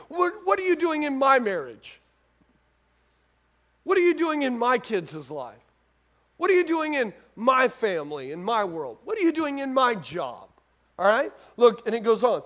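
Speaking at a normal speed, this male pastor gives a conversational sermon, repeating phrases and putting questions to the congregation. His very high-pitched, fairly bright voice is very animated.

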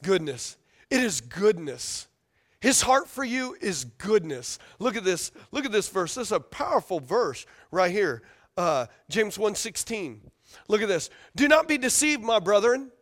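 A pastor preaching a sermon to a congregation in a church, talking with lively slang and calling for responses. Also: male voice, high voice, a little slow. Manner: energetic, call-and-response with congregation, casual slang. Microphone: handheld or stage microphone.

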